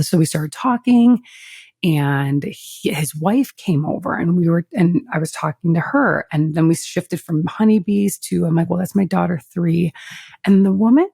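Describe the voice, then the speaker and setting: A woman co-hosting a podcast, talking openly and emotionally with a gravelly, husky voice. She swears freely and sounds close to tears at times. Her voice is close and dry, with no room in it. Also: fairly low pitch, normal speed, mellow, no echo. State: tearful. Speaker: podcast co-host. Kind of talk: casual chat.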